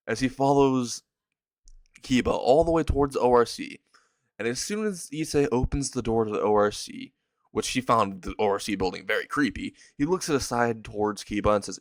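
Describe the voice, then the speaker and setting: A man's voice: mid-range voice, brisk, no room sound. A man narrating an improvised fan story in a rambling, chatty way, often breaking into laughter. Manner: rambling, laughs while telling. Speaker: channel host and storyteller.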